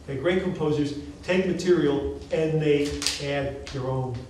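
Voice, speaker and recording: A male professor leads a classroom lecture, quizzing his students with an animated, encouraging manner. His voice sits a little high and reaches the mic from across the room. The recording is very echoey, with faint hiss underneath. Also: measured pace, far from the mic. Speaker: music professor.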